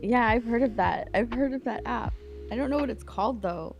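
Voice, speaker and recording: A woman's voice: a little high, fairly quick, vocal fry, faint music behind. Chatty woman guest on a hobby stream. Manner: loose and chatty, full of "like" and restarts. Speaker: guest creator. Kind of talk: casual hobby-stream chat.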